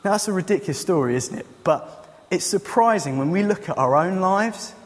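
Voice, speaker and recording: A man delivers a sermon in a chatty, joking way, his voice sitting a little high. A long reverb from a church hall trails after his words. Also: animated, a little fast. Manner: casual, joking, conversational. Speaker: youth leader and preacher.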